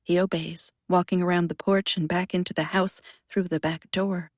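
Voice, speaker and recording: Husky low-voiced woman narrating a thriller. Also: flat delivery, normal speed, no room sound, clean studio sound. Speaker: audiobook narrator. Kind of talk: first-person thriller narration.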